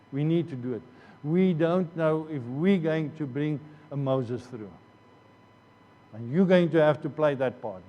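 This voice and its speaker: A man's voice: fairly high pitch, lo-fi sound. A man preaching a sermon as pastor, earnest, often repeating phrases and restarting. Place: church hall. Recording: long church hall reverb.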